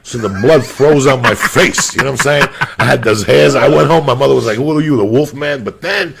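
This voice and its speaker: A man's voice: medium pitch, brisk, crowd noise. A man telling crude stories in a casual chat, swearing constantly and acting out the voices of people he quotes. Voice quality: gravelly, husky. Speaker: comedian storyteller.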